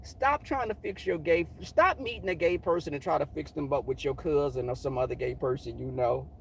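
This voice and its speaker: A man's voice: fairly quick, gravelly, slight background noise. A middle-aged man telling a story casually and animatedly, sassy and profane. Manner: animated, sassy, profane, jumps into high voices for quotes.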